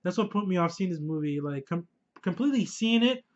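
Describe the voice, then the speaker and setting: A man's voice: high voice, expressive, brisk. A young adult man chatting casually and enthusiastically at home as a vlogger, swearing and laughing often, on a dull lo-fi recording. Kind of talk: casual collection showcase chat.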